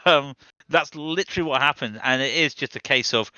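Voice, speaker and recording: A man's voice: mid-range voice, fairly quick, sharp tone, no room sound, muffled recording. A man commentating a sim race broadcast in a chatty, jokey way, laughing easily.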